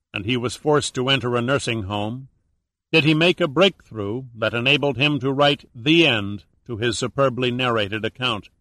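A man's voice: mid-range voice, pushed and bright, dry recording. Man narrating a thriller audiobook.

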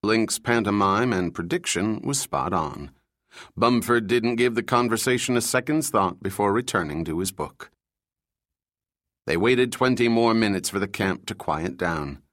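A man reading a thriller audiobook in steady, measured scripted narration. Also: lowish voice, no echo, clean studio sound.

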